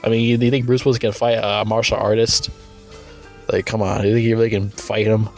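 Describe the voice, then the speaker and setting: A man casually reviewing a movie, rambling and swearing a lot, with sudden loud, incredulous rants. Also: level tone, fairly quick, soft background music. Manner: rambling and crude, with frequent swearing and fillers; breaks into loud, high-pitched incredulous rants.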